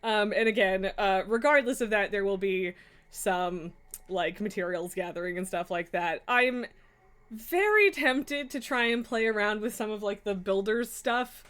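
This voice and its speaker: A woman's voice: medium pitch, expressive, unhurried, a bit bright, smooth. A woman live streamer chatting casually from her home streaming room, laughing often, swearing and scolding her cats.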